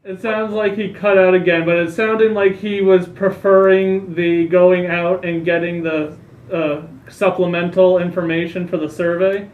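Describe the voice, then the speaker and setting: A man running a commission meeting, stating motions and calling the roll in order. His high voice barely moves in pitch and comes through a roomy, phone-like connection. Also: a little slow. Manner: procedural, even. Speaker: commission chair. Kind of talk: chairing a public meeting. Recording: echoey phone-like line.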